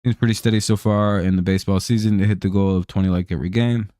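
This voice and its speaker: A man's voice: on the low side, fairly even intonation, fast, dark tone, no echo. A man hosting a live stream, chatting casually over a baseball game, laid-back and joking, with casual swearing.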